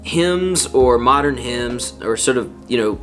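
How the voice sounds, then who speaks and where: A man giving a casual worship guitar lesson, counting beats out loud over his strumming. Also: mid-range voice, animated, a little slow. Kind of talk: relaxed guitar lesson with sung examples. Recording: loud acoustic guitar under the voice. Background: acoustic guitar playing.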